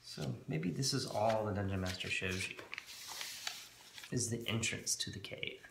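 A man and host, explaining a tabletop game in a relaxed, rambling way with many fillers. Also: lowish voice, a little slow, creaky, roomy sound, noisy background. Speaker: dungeon master and channel host. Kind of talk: casual tutorial explanation. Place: room at home with a board.

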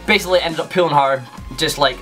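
A man's voice: on the high side, fast talker, fairly bright tone, soft background music. Young Scottish man telling a rambling story. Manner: rambling, lots of fillers and restarts. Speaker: YouTuber. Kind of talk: casual storytelling to camera.

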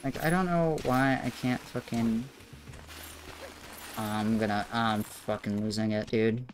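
A man's voice: lowish voice, fairly even intonation, slow. A man streaming a speedrun practice, frustrated and swearing as he mutters about his mistakes. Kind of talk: live game stream commentary.

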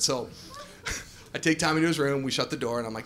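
A man in his forties doing an animated stand-up comedy set on a club stage, telling stories and jumping into shouted asides, with audience laughter in the recording. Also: fairly high pitch, fairly quick.

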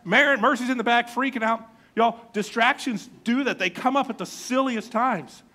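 Animated, bright-voiced pastor preaching. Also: male voice, extremely high pitch, moderate pace. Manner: storytelling, self-mocking, animated. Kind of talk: sermon. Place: church.

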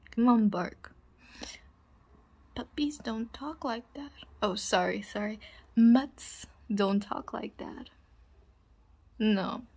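A woman's voice: on the high side, creaky, breathy edge, full character voice. A woman playing a cruel young bully in a whispered role-play, taunting and bossing the listener with mocking laughs. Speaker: audio role-play performer.

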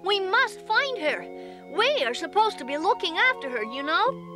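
A woman's voice: extremely high pitch, sing-song, normal speed, over music. A woman voicing a kind, earnest young male troll in a cartoon, eager and encouraging, often calling out to friends. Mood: worried. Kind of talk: animated cartoon voice acting.

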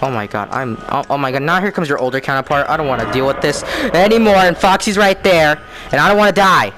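A young man talking through a horror game in panic, repeating himself and swinging between yelps and low mutters. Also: fast talker, pushed and bright. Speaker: gamer playing a horror game. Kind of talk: scared gameplay commentary. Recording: game music playing behind.

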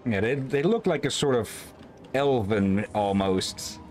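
A man's voice: medium pitch, animated, a little slow, a little mellow, a little hiss or hum. A man streaming and casually commenting on a game, hesitant and restarting his sentences. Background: game audio.

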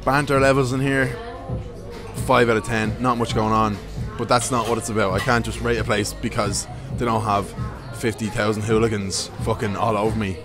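A man's voice: fairly low pitch, flat delivery, normal speed, over music. A young Irish man chatting casually to camera in a pub, rambling, joking and swearing. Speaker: pub-reviewing vlogger. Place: indoor pub. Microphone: camera mic.

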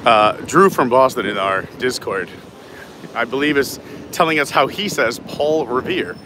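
A man's voice: medium pitch, expressive, measured pace, noisy background. A man hosting a live stream while walking outdoors, chatting casually, reading viewer comments and laughing often. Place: outdoors in a theme park, walking.

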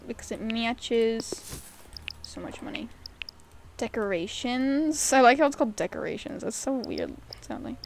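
A young woman giving casual, gushing commentary while playing a game, giggling and swearing now and then. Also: a little high. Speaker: gaming YouTuber. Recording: faint game music behind.

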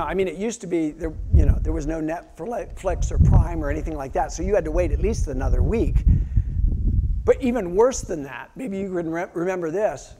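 A male pastor preaching a sermon, telling stories animatedly and acting out quotes, swinging from loud outbursts to hushed near-whispers. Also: high-pitched, a little hiss or hum.

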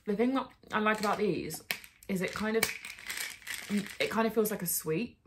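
A tired, low-energy young woman talks casually to camera at home for her fitness vlog, candid and rambling with fillers and the odd swear. Her mid-range voice moves at normal speed over some background noise.

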